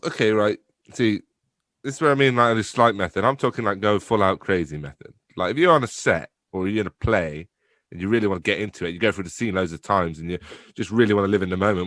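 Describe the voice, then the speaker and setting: Youngish guy, lowish voice, rambles and swears, laughs a lot, dry close sound. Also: fairly bright tone, no room sound. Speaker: podcast guest, theatre company director. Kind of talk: casual conversation.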